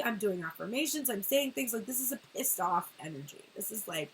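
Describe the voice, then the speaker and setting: A woman doing a casual tarot reading, talking in an animated way, swearing and laughing often. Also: mid-range voice, brisk, few pauses, slightly rough, poor audio. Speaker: tarot reader.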